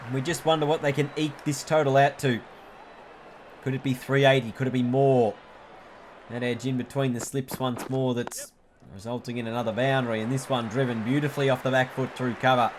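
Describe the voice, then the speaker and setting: A man doing play-by-play commentary on a cricket video game, chatty and excitable, jumping up at big moments and correcting himself as he goes. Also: mid-range voice, a little fast, background noise.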